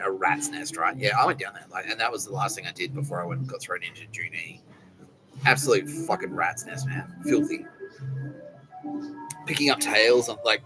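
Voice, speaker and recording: A man's voice: lowish voice, rough recording. A man hosting a podcast, rambling and swearing as he talks to unseen listeners. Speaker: podcast host. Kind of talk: casual monologue.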